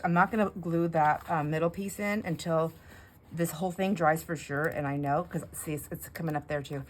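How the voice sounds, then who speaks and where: Low-voiced woman chatting while crafting. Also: slight background noise. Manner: rambling, self-talk with fillers and laughs. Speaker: craft vlogger. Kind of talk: casual chat while crafting.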